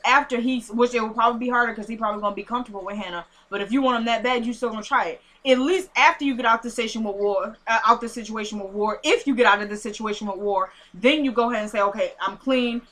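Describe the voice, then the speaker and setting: A woman casually recapping a TV episode, retelling scenes in an animated, indignant way. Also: a little high. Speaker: TV show recapper.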